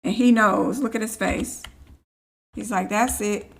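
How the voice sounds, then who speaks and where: A woman's voice: mid-range voice, steady tone, unhurried, vocal fry, fairly bright tone. Chatty woman teasing her game characters. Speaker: gaming streamer. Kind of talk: casual let's play commentary.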